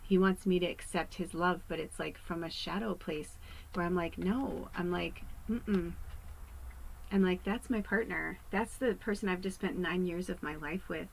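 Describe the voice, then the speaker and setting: Low-voiced woman rambling through a card reading. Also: creaky, a little hiss or hum, poor audio. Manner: rambling, animated, often drops to a hushed aside. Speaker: psychic medium giving a card reading. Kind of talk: casual spiritual card reading.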